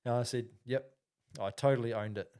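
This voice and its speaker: A man's voice: medium pitch, fairly even intonation, a little fast, dark tone, clear, resonant tone. A man, co-hosting a casual podcast and telling a story with lots of fillers and restarts. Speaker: podcast co-host.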